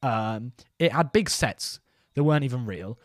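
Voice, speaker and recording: Goofy podcast co-host, lively voice. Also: male voice, medium pitch, normal speed, dry recording, clean studio sound. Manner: goofy, giggly, trails off into puns. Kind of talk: silly casual banter.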